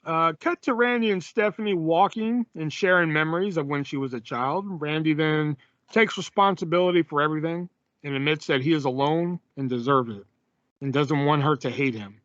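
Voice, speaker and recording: A man's voice: on the high side, normal speed, fairly bright tone, no room sound, dull audio. A man co-hosting a podcast, casually recapping a film with lots of fillers and laughs. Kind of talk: casual chat.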